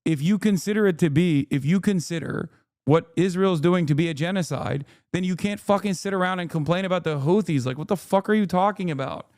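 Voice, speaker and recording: A man in the middle of a heated livestream rant, swearing and mocking as he goes. His voice is a bit high and worn hoarse from talking. The sound is dry and close to the mic. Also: a little fast, darkish tone, no room sound. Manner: angry, swearing, sarcastic rants. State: losing his voice. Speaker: streamer reacting to a video.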